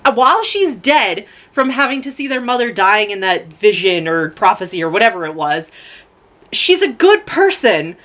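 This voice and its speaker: A woman's voice: medium pitch, sing-song, normal speed, fairly bright tone. Teary, rambling young woman vlogger. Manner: rambling, gushing, profane, many fillers. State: close to tears, laughing through crying. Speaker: book vlogger. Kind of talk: casual emotional book review vlog.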